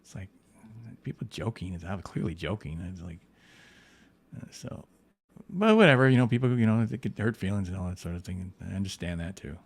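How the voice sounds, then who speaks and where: A man with a fairly low voice, chatting loosely as he paints comic art on a livestream. He rambles, restarts his sentences and leans on "you know" over and over. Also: big pitch swings, fairly quick, vocal fry, a little hiss or hum. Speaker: comic book artist. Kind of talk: casual livestream chat while painting.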